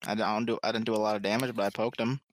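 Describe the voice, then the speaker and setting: A man's voice: lowish voice, flat delivery, rapid-fire, slight background noise. Joking man playing a tabletop game. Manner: jokey, stumbling restarts. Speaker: player. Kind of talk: casual chat during a tabletop game.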